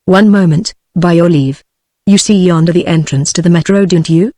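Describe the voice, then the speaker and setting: A British-accented text-to-speech female voice reading the lines of a suave, mocking male adventurer in an audiobook, with a synthetic, even delivery. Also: lowish voice, normal speed, dry recording, clean studio sound, natural voice.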